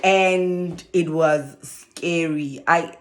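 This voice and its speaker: A woman's voice: low-pitched, extremely slow, slight background noise. A South African woman talking casually to camera as a vlogger, telling her story with lots of laughter. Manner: animated storyteller, laughs often. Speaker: vlogger and social worker.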